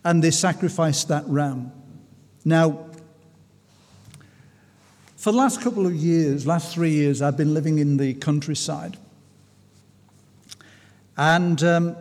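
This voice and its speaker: A male preacher whose high voice carries through a hall with a long reverb. He delivers a sermon with many restarts. He drags out the words he wants to stress. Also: darkish tone. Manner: restarts and stumbles, slows for emphasis.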